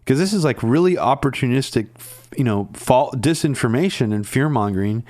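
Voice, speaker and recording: A man talking in a casual political discussion, earnest and halting, with many ums and restarts. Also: medium pitch, lively intonation, a little mellow, no echo.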